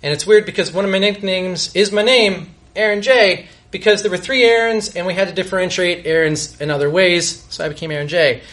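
Bright-voiced man telling a story live. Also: sits high, steady tone. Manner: self-deprecating, halting with restarts. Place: live show before a laughing audience.

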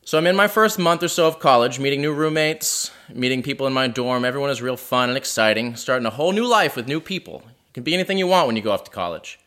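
A man's voice: medium pitch, lively intonation, quick pace, few pauses, sharp tone. A man telling a wry, self-deprecating personal story at a live house show in a living room.

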